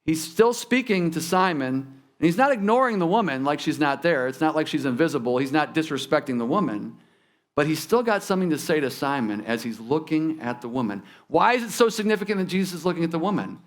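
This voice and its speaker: Guy preaching a sermon, kinda high voice, talks to the congregation like a chat. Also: expressive, fairly quick. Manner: conversational preaching with asides to the congregation. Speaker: pastor. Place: church sanctuary.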